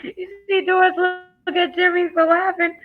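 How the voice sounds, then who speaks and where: A woman's voice: very high voice, normal speed. A woman co-hosting a live stream, chatting casually and answering viewers. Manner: relaxed, chats back to viewers by handle. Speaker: stream co-host. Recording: dull lo-fi mic with faint noise.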